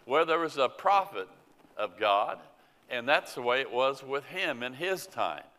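A man preaching a sermon in a slow, earnest way, reading scripture aloud. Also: medium pitch, lively intonation, sharp tone. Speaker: pastor. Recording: long church reverb.

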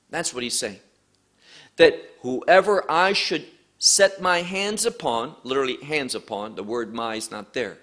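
Slow, emphatic male Bible teacher. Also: on the high side, bright, forceful tone. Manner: emphatic, repeats key words.

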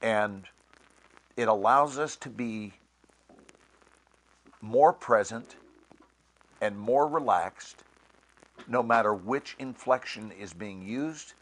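Speaking as a guest on a panel, this actor has a voice on the low side. He talks in a measured, deliberate manner with expressive changes in inflection.

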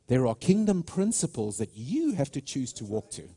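A man's voice: medium pitch, sing-song, moderate pace, hardly any pauses, mellow, breathy edge. A man preaching a sermon with passion, stressing his points and often restarting his sentences. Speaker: pastor.

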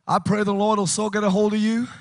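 A British man preaching a revival sermon, impassioned and shouting to a congregation in a large church hall. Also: high-pitched, level tone, quick pace. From United Kingdom. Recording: long reverb of a large hall.

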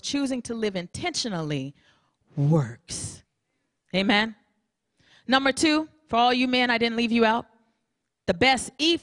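A woman preacher giving a sermon in a lively, humorous way, acting out little dialogues. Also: medium pitch, normal speed, no echo, studio quality. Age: adult with a grown daughter. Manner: animated, humorous, acts out dialogues.

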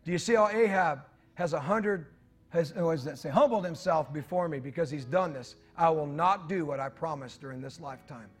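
A man's voice: on the high side, a little fast, husky, soft background music. A man preaching a sermon in church, reading scripture aloud with joking asides to the congregation. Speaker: pastor.

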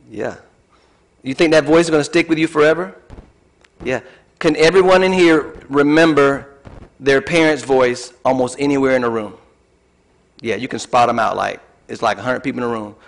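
A man preaching a casual, conversational sermon to a congregation, with rambling asides and questions to the room. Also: a little high. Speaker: pastor.

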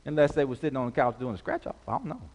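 A man's voice: medium pitch, big pitch swings, racing, darkish tone. A man preaching a sermon as pastor, working the congregation with call-and-response and stretched-out emphasis. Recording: long hall reverb.

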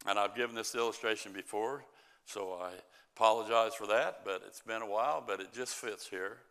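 A middle-aged man, a pastor, preaching a sermon and reading scripture in a slow, emphatic way that often drops to a softer level. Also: lowish voice, clear, resonant tone.

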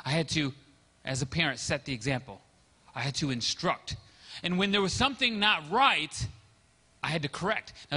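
A man's voice: on the high side, pushed and bright. A middle-aged man preaching a sermon as pastor, telling stories and acting out the quotes of the people in them. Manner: storytelling, acts out quotes. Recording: long hall reverb.

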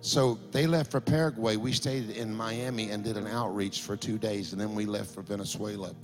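A middle-aged man, a pastor telling a story in a sermon that builds to impassioned shouting. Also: fairly low pitch, steady tone, normal speed.

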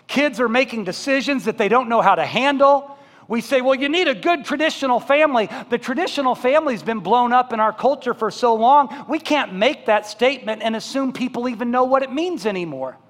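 A man preaching a sermon as pastor, moving between loud emphatic build-ups and soft, slow pleas, and asking his congregation direct questions. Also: very high-pitched, big-room sound. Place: church sanctuary.

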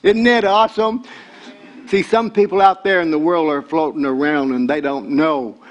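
An older man, preaching a sermon as pastor. He repeats words and builds to shouted excitement. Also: a little high, normal speed.

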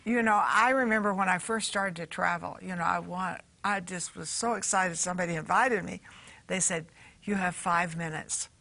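A woman's voice: on the low side, normal speed, vocal fry, bright, forceful tone. A woman hosting a faith talk show who makes urgent, direct appeals to viewers.

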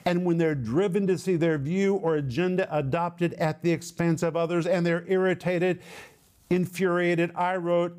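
Emphatic male preacher, slightly high voice. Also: a little mellow. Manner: emphatic, lists words in slow measured cadence. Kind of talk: sermon.

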